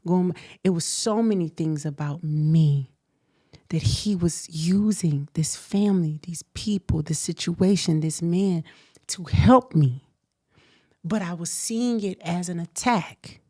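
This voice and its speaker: A woman in her thirties from the United States, candidly telling a personal story in a relaxed chat, quiet and reflective. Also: lowish voice, slow. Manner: animated retelling with acted quotes, then quiet and reflective. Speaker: guest.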